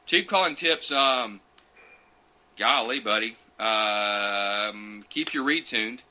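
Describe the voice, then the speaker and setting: A champion turkey caller takes things slowly in a fairly low voice while answering viewer questions in a casual live Q&A and demonstration. The phone recording is very noisy. He's chatty and prone to digressions, reading comments out as he goes.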